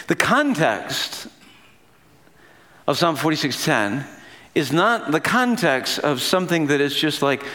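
A man's voice: fairly high pitch, very animated, unhurried, bright, forceful tone. A man giving a sermon in a casual, playful teaching manner, laughing as he explains. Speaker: pastor.

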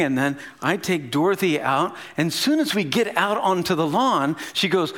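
A pastor in his fifties giving a sermon, telling a story in a conversational, animated way with casual asides. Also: high-pitched, moderate pace, hardly any pauses.

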